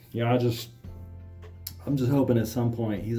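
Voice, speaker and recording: A man's voice: mid-range voice, normal speed, pauses often, faint music behind. A man reading a children's book aloud and breaking off into sarcastic, mocking commentary. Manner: deadpan, mocking asides. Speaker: comedic reader.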